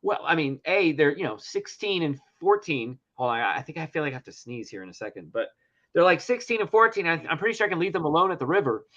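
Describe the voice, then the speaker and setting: A man's voice: a little high, big pitch swings, fast talker, a bit bright. A middle-aged man hosting a casual talk show, telling a story animatedly, acting out dialogue and swearing often. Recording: dull lo-fi sound.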